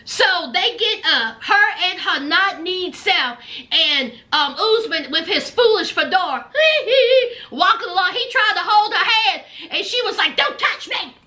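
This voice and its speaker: A woman recapping a reality TV episode in a sassy, comedic, animated way. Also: very high voice. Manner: sassy, animated, drawn-out punchlines.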